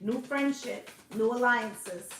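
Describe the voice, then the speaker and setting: A woman's voice: a little high, takes it slowly, fairly bright tone, slight background noise. A woman giving a casual tarot reading, chatty and coaxing, swearing freely and checking in with her listeners as she goes. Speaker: intuitive tarot reader. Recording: roomy echo.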